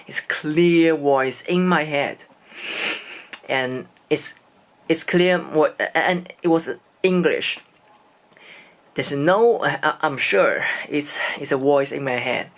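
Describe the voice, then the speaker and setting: Slow, hesitant man. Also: medium pitch, gravelly, a bit bright. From China. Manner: hesitant, searching for words in non-native English. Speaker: vlogger. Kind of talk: casual first-person storytelling.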